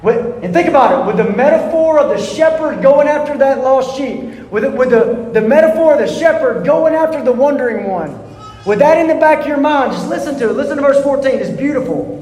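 High-voiced pastor preaching in a hall. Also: male voice, animated, a little fast, a little mellow. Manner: earnest, emphatic, repeats key words, asks the congregation questions. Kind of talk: sermon. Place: church sanctuary. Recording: echoey hall, long reverb.

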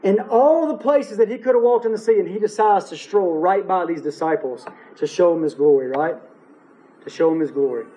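A man's voice: sits high, brisk, mellow, rough recording. A man preaching an expository sermon, stressing key phrases by repeating them and asking his listeners rhetorical questions. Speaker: pastor.

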